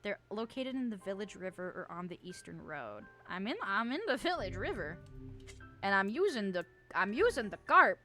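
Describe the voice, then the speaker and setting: A woman's voice: medium pitch, big pitch swings, normal speed, pushed and bright, soft background music. A woman streaming a video game, chatting casually with her viewers and swearing often as she plays. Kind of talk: casual gameplay stream chat.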